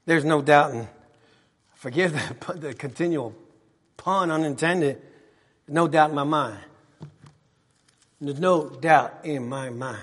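A middle-aged man preaching a sermon in a church, repeating his phrases and swinging from soft asides to shouts. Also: fairly high pitch, slow pace, pauses often, husky. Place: church sanctuary. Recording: long hall reverb.

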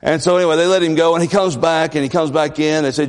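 A man's voice: fairly high pitch, steady tone, very fast, few pauses, long reverb tail. A man preaching a sermon as the church's pastor, folksy and storytelling, with asides and chuckles.

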